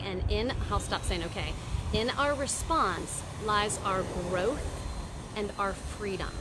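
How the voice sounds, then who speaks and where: A woman in her forties chatting casually on a live video, animated and greeting viewers by name as she talks. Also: medium pitch, very noisy. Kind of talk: casual live-stream talk.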